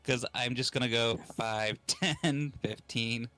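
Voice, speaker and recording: A man's voice: mid-range voice, slow pace, pushed and bright. A man playing a tabletop game, chatting casually and often laughing at himself. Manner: laughs a lot, self-mocking. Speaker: player.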